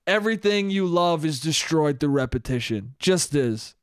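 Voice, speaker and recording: A man's voice: a little high, lively intonation, normal speed, clean tone. Rambling, profane young man podcasting solo. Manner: rambling, profane, self-mocking, frequent laughs. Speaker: podcast host. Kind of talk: solo casual podcast monologue.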